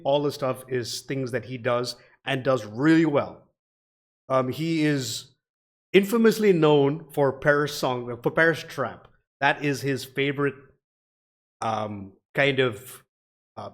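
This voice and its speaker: Man, casual reaction host, rambly, loose, average pitch. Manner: rambling, swears casually, frequent fillers.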